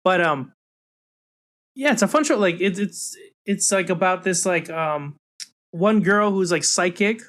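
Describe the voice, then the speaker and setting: A young man co-hosting a casual podcast, talking animatedly and mimicking characters in high voices. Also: a little slow, fairly bright tone. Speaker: podcast co-host. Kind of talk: casual chat.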